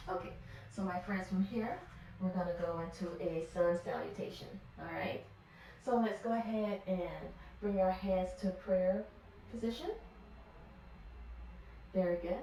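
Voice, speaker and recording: Woman, kids yoga teacher, gentle and encouraging, echoey room, mic far away, faint background hiss. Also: medium pitch. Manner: gentle, encouraging, repeats praise often. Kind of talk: guided yoga class for children.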